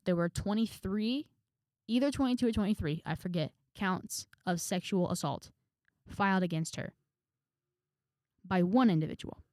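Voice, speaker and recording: A woman's voice: fairly low pitch, dry recording, clean studio sound. A young woman vlogger telling a story in a frank, chatty way, with sighs and trailing asides. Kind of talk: casual storytelling to camera.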